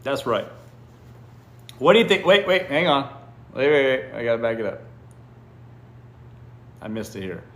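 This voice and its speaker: Answering viewer comments on a live stream from an indoor room, a man gives blunt, teasing advice, swears freely, and often asks "what?" in disbelief. His mid-range voice is sing-song and fairly bright at a moderate pace with long pauses, and the sound is roomy.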